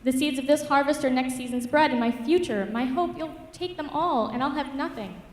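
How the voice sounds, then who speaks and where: Woman putting on a fierce young farm girl, high and loud. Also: normal speed, natural voice. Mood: pleading. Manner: pleading, raised high and loud. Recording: echoey church hall from far off.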